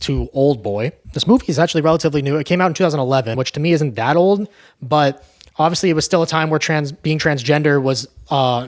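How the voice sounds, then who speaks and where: A young man giving a casual, profane movie recap, with frequent asides of "right?" and "like". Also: fairly high pitch. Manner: chatty, profane, tags lines with "right?". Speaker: movie reviewer.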